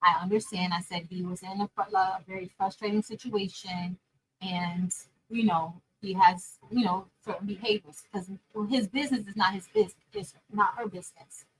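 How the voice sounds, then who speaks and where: A woman chatting casually and telling a story straight to her viewers, animated, calling them y'all and girl. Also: medium pitch, moderate pace, slight background noise, low-quality recording. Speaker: crafting vlogger and teacher.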